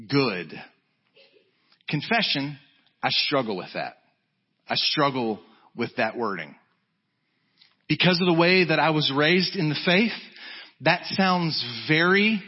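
Emphatic man preaching a sermon, husky voice. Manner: emphatic, rising to high urgent peaks then dropping low and quiet. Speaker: pastor. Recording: dull lo-fi sound.

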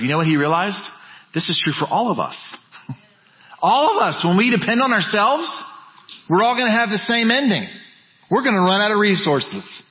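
A man preaching a sermon as pastor, emphatic, dropping to low quiet phrases and building back up. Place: church sanctuary. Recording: muffled church recording with long reverb.

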